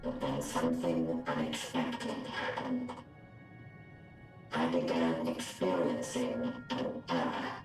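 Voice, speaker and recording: An actor playing a calm, detached male android in a game cutscene, speaking in a formal, measured way with a processed robotic timbre. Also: extremely low pitch, heavily acted. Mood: calm recounting. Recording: echoey, distant robot voice under loud music.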